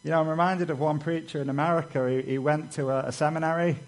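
A man's voice: on the high side, fairly even intonation, quick pace, poor audio. A man preaching a sermon in a conversational way, dropping in "you know" asides and acting out stories in a raised voice. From Britain. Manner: acts out quoted dialogue with raised voice.

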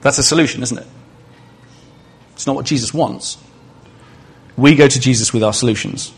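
This preacher speaks in a mid-range voice at an ordinary pace, with a bit of noise in the background. His sermon is conversational, full of questions for the congregation and funny side comments.

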